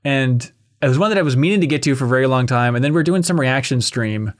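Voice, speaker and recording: A man's voice: medium pitch, quick pace. A man hosting a casual roundtable games chat, talking loosely with lots of fillers and restarts. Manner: chatty, many fillers and restarts. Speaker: podcast host.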